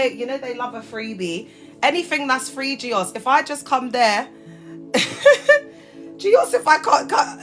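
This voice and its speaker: A British woman hosting a casual livestream chat, her voice sitting a bit high for a woman. She talks in loose, animated slang and laughs a lot. There's soft music playing faintly behind her. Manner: chatty and animated, laughs often, heavy slang. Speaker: livestream host.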